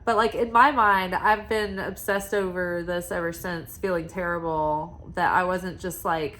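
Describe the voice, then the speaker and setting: A woman's voice: fairly low pitch, fairly even intonation, moderate pace, few pauses. Chatty woman reading oracle cards. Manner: rambling, confiding, many "like" fillers; soft and quiet at times, with sighs and laughs. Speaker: oracle card reader. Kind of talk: casual spiritual card-reading vlog.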